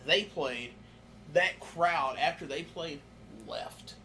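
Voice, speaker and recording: A man on a podcast who gets loud and excited telling concert stories. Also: a little high, slow pace. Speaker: podcast host. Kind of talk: casual podcast chat.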